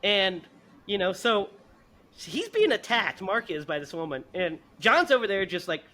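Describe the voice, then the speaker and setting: A man with a high, very bright voice recaps a horror film on a podcast. His delivery swings widely in pitch. It is loose, profane and full of laughter. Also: measured pace. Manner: animated, profane, laughing retelling. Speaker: podcast host. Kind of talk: casual movie review chat.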